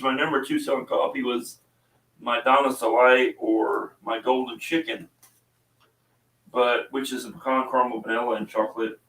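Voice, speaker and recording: A middle-aged man with a mid-pitched, fairly bright voice hosts a podcast and also sells coffee on a small scale. He's laid-back, rambling through chatty stories packed with fillers in casual conversation. The room echoes and his voice sits some distance from the mic.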